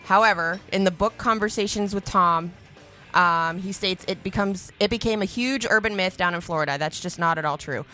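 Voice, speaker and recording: An easygoing female co-host chats casually at a middle pitch and laughs readily. Faint music plays underneath. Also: moderate pace, pushed and bright. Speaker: podcast co-host. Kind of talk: casual podcast chat.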